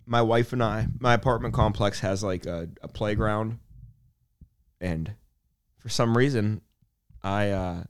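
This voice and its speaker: A man's voice: on the low side, a little slow, pauses often, clean tone. A married man co-hosting a podcast, chatting in a wry, sheepish, casual way. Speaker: podcast co-host.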